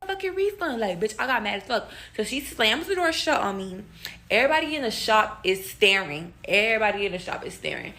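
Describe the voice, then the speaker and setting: Woman, mid pitch, animated profane storytime rant, talks to listeners as y'all. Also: a little fast. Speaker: storyteller in a clip.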